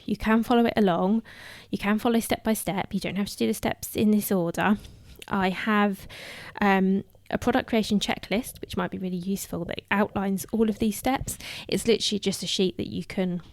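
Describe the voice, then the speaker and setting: A woman's voice: medium pitch, fairly even intonation, normal speed, no room sound. Woman, podcast host, casual solo talk, slightly out of breath, frequent ums, dry sound. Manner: chatty, full of "um" fillers and restarts. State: somewhat out of breath.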